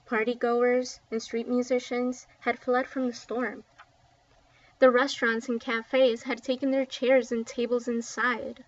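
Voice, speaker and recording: A woman reading a children's book aloud with expressive, dramatic storytelling, recorded dull and a little distant from the mic. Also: fairly high pitch. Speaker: book reader.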